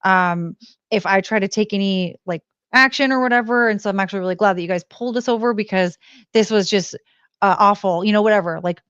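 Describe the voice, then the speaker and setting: A woman co-hosting a casual podcast chat, retelling events and quoting people in a raised, animated voice. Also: mid-range voice, brisk, smooth, no echo, lo-fi sound. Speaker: podcast co-host.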